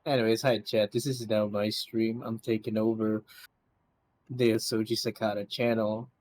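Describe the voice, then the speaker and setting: A man guesting on a stream, joking and chatting with frequent laughs and halting restarts on a desk mic. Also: on the low side, level tone, a little mellow, low-quality recording. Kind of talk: casual stream chat.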